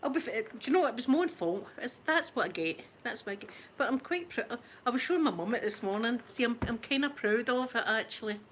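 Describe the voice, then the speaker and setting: A woman's voice: fairly high pitch, animated, fast talker, hardly any pauses, a little hiss or hum. A Scottish woman in her forties chatting casually with viewers, self-mocking and laughing often as she tells stories. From Scotland. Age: 40s. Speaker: ASMR channel host chatting with viewers. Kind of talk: casual chat.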